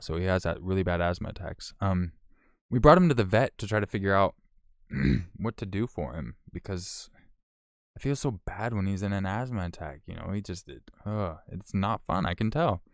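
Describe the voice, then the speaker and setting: A man with a low, gravelly voice chats live with his viewers in a close, dry recording. He talks frankly, curses often and circles back on himself mid-sentence. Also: no echo. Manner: frank, profane, rambling with restarts. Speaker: live streamer answering chat. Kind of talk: casual live chat.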